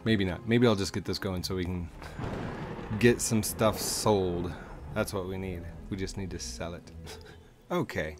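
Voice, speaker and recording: Guy streaming a building game, slow and gravelly, music in the background, keyboard clicks. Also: deep voice, fairly even intonation. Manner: rambling, talks to himself while building, squeals greetings to viewers. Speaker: gaming streamer. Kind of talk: casual gameplay chat. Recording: clear background music under voice.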